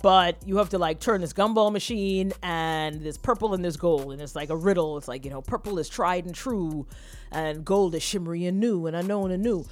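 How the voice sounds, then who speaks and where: A woman's voice: lowish voice, moderate pace, faint music behind. A woman co-hosting a casual live morning show, chatty and gushing, often laughing. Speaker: co-host.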